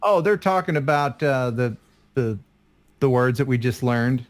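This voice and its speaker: A guest co-host in his fifties chats on a casual live stream in a mid-range voice with lively intonation, speaking a little slowly. He's talkative and self-deprecating, often trailing off into laughter.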